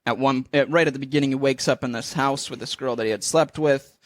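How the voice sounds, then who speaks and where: A man's voice: medium pitch, steady tone, quick pace, no room sound. A man co-hosting a casual podcast, giggling and self-deprecating while rambling through a recap from memory. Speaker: podcast co-host. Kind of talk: casual chat.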